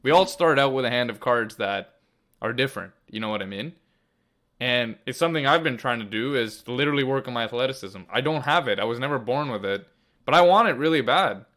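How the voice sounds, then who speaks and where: A man's voice: medium pitch, lively intonation, brisk, a bit bright. A man with a mid-range voice talks on a casual podcast. He gives advice in an earnest, emphatic way and leans hard on his key points. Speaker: podcast co-host.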